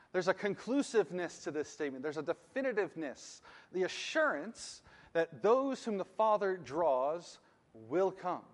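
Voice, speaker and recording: Pastor guy preaching, kinda high voice, earnest, leans on the big lines, echo from a big church room. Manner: earnest, emphatic, slows for key phrases. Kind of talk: sermon.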